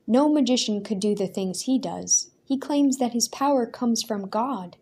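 A woman voicing a calm, thoughtful older fisherman in a read-aloud storybook, speaking quietly and evenly. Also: a little high, breathy edge. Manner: quiet and measured.

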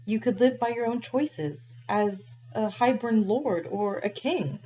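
A woman voicing a gentle, weary old village priest who speaks softly and carefully in a read-aloud story, her voice husky. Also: expressive, slow, full character voice. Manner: soft, low and careful. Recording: dull lo-fi recording.

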